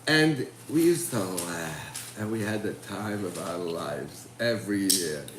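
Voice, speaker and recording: A man muses aloud in a casual livestream chat, reflective and quick to laugh. He sounds set back from the mic in an echoey room. Noise hums underneath. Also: low-pitched, lively intonation, a bit bright, distant mic. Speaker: participant in a group chat.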